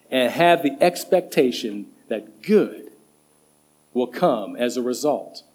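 A middle-aged man preaching a sermon as associate pastor, leaning hard on single words. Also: darkish tone. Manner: emphatic, stresses single words with rising pitch. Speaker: associate pastor and children's director.

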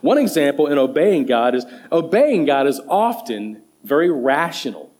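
Animated pastor preaching, emphatic man. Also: normal speed. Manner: emphatic, stresses single words with rising pitch. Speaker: associate pastor and children's director. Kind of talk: sermon.

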